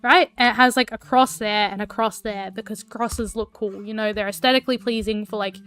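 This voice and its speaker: A woman's voice: mid-range voice, fairly even intonation, a little fast, fairly bright tone, clean tone, soft background music. A woman streamer telling a story casually while she draws, rambling with lots of fillers and swearing.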